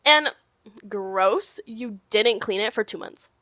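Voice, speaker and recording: Bright, animated young woman storyteller. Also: fairly high pitch, takes it slowly, no echo. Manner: animated storytelling with swearing and laughter. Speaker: podcast co-host. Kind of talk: casual chat.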